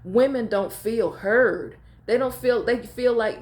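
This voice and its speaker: A middle-aged woman pastor speaks slowly in a slightly high, darkish voice, her words echoing around the room. Addressing viewers casually, she tells heartfelt stories in informal, colloquial grammar and repeats phrases to drive points home.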